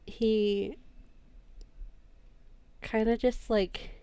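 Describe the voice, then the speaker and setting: A woman's voice: a little high, little pitch movement, extremely slow, warm tone, clean tone, no echo. A woman playing a tabletop role-playing game who chats casually and often laughs at herself. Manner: giggly, self-deprecating. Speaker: player.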